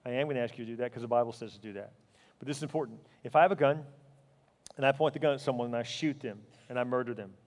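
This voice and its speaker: A man preaching as a pastor, earnest and emphatic, often sinking to a quiet, intense tone. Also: mid-range voice, long reverb tail. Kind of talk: sermon.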